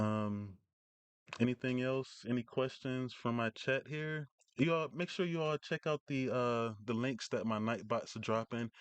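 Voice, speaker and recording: Rambling low-voiced man on a live stream. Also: dry recording. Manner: rambling, lots of fillers and restarts. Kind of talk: casual live-stream chat.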